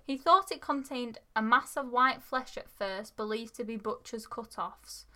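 A woman's voice: a little high, measured pace, bright, forceful tone. A woman co-hosting a podcast, reading out case details in a casual way and laughing often. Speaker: podcast co-host. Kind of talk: casual true-crime chat.

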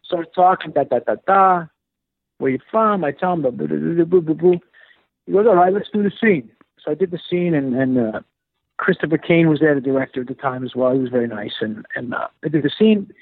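A man telling an animated, filler-heavy story about his acting career, slipping into the voices of the people he quotes. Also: fairly high pitch, a little fast, husky, no echo. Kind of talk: casual storytelling interview. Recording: dry, phone-like narrow sound.

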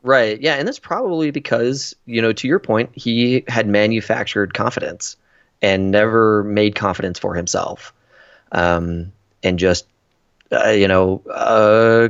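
Man, casual film chat, low voice, fillers galore; dry, slightly muffled recording. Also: unhurried, no echo. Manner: rambling, many fillers and restarts.

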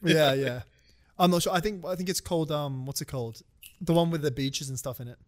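A young man from Australia talking loosely with a friend on a podcast. His voice sits a little high, and he curses freely and breaks into laughter often. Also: fairly quick. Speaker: podcast co-host. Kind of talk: casual chat.

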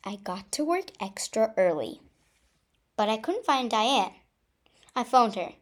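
A woman reading a first-person story aloud with an expressive delivery. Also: fairly high pitch, a little slow. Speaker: story reader.

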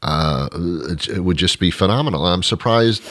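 A man's voice: low voice, lively intonation, moderate pace, a bit bright, no echo. A man co-hosting a casual chat, dry and wry and poking fun at his own cynicism.

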